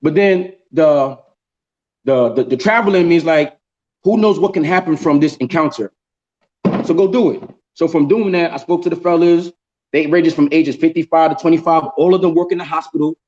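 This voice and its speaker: A man hosting a casual group chat on a video call, telling a story in an animated way and often repeating words. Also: a little high, normal speed, lo-fi sound. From New York. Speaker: show host.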